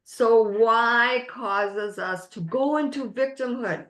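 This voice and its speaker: A woman life coach leading a webinar masterclass, speaking in slow, emphatic, drawn-out phrases. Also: a little high, a bit bright, roomy sound.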